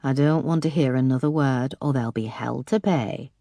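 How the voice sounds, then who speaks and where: A woman voicing an older Yorkshire father, kind and a bit gruff, speaking gently and consolingly in an audiobook. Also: rumbling low, moderate pace, no echo.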